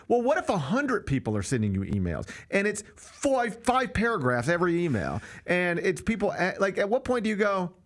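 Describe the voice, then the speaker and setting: A man's voice: high voice, very animated, moderate pace, hardly any pauses. A man hosting a sports talk show, chatting casually and with strong opinions, acting out quotes with big swings in his voice. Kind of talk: casual sports radio chat.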